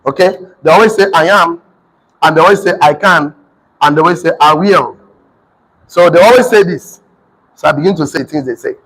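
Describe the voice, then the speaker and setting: A man's voice: a little high, fairly bright tone, rough recording. A man teaching a live motivational class, repeating phrases with an emphatic preaching cadence.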